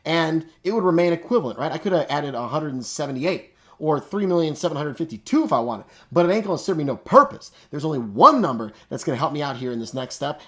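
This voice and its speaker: A man's voice: on the high side, fairly bright tone. A man teaching math in a casual, upbeat way, using slang and thinking aloud as he works each step. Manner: upbeat, slangy, talks to himself while working. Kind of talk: casual classroom explanation.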